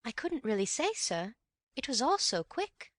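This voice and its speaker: A woman voicing a nervous young housemaid who answers in quick, respectful replies. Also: on the high side, big pitch swings, dry recording, pitched above the performer's own voice. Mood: flustered.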